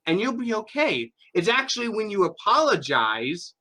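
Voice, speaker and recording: A man's voice: sits high, sing-song, moderate pace, bright, forceful tone. A man hosting a podcast, ranting emphatically and swearing freely in a casual chat. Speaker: podcast host.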